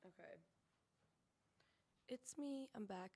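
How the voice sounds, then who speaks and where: A woman reading a rhymed spoken word poem on a poetry cafe stage, earnest and measured. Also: mid-range voice. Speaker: open mic poet.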